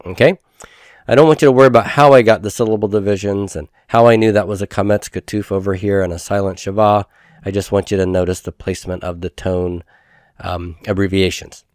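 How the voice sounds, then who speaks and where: Guy teaching hebrew grammar, lowish voice, dry sound, slow and methodical with lots of uhs. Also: steady tone, darkish tone, no room sound. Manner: methodical, repeats terms slowly, frequent uh fillers. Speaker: Hebrew instructor. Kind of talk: recorded classroom lecture.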